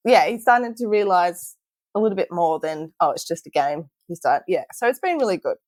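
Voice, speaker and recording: A woman's voice: fairly low pitch, expressive, a little fast, darkish tone, no echo, low-quality recording. A woman, a guest telling stories in a casual podcast chat and laughing often. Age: 30s. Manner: chatty storyteller, laughs often.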